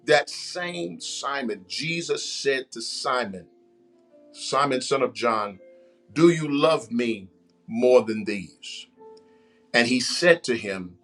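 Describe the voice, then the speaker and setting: A man's voice: medium pitch, animated, slow, a bit bright. A man preaching a sermon, repeating phrases and calling out to the congregation. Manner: preaching with repetition and call-outs to the congregation. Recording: faint music behind.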